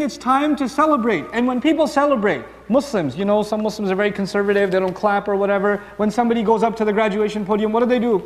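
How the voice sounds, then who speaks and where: A male preacher with a high voice delivers an animated sermon in a large hall with long reverb. He lets quick dialogues play out, acting them out for the audience.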